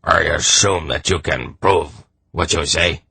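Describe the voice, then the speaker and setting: A man's voice: extremely low pitch, a little slow, creaky, bright, forceful tone, breathy edge, no echo, exaggerated voice. A man voicing a short, strutting, suspicious army captain who talks in a belligerent, clipped way.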